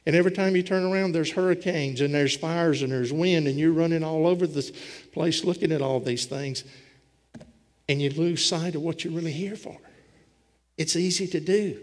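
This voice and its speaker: Here a pastor delivers a sermon in a slightly high voice at a moderate pace, telling it folksy-style and giving voice to scripture figures. Long hall reverb fills the recording.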